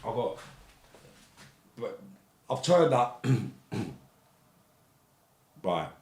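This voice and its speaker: A man's voice: medium pitch, very animated, very slow, background noise. A middle-aged man with a London accent, a podcast guest telling stories in casual chat, blunt and full of swearing. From England. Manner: blunt, swearing, acts out quotes in raised voice.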